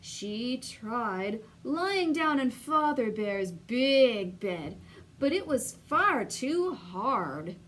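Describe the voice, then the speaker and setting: A woman reading a children's story aloud in a slow, sing-song, expressive way, doing the voices. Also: fairly high pitch. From Canada.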